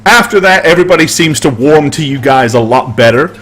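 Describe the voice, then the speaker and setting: A man narrating as game master, chatty and animated, and he laughs easily. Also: a little high, brisk.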